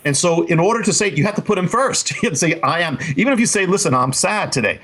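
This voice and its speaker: A man's voice: high-pitched, expressive, fast. A man who is a guest rabbi and author, teaching earnestly in conversation, often restarting his phrases. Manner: earnest, repetitive restarts, laughs warmly at points.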